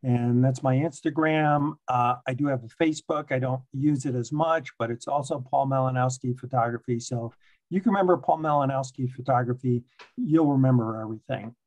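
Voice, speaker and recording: A man from Chicago with a mid-range voice gives a casual talk over a video call. He is relaxed and self-deprecating, and he drops jokes into his presentation. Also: mid-range voice, a little fast. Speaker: guest speaker, photographer.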